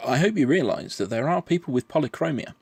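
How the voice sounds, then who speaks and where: A man explaining his answers in a measured, patient monologue, often restarting his phrases. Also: medium pitch, big pitch swings, creaky, slightly rough, dry recording. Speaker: vlogger answering questions.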